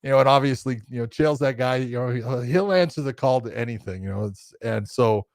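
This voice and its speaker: A man co-hosting a casual podcast talks in long, rambling stretches, leaning on "you know" as he goes. His voice is mid-pitched for a man. The recording is dry and close. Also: fairly quick, no echo. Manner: rambling, full of "you know", acts out quotes. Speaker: podcast co-host, grappling referee.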